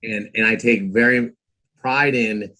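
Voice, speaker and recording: A man's voice: fairly low pitch, fairly even intonation, measured pace, bright, forceful tone. A man around fifty, a podcast guest telling his story casually, with lots of "you know"s and acted-out quotes of his own past thoughts. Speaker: guest, former trader and author.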